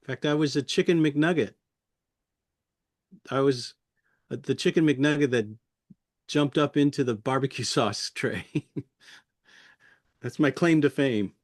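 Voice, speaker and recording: A middle-aged man, a puppeteer guest, reminiscing in an interview with a friendly, chuckling manner and many pauses. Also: mid-range voice, dry recording, studio quality. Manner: friendly, chuckling, halting with fillers.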